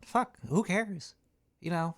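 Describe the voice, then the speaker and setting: A man's voice: high voice, slow. Male talk-show host, rambling, profane, stammering, casual rant.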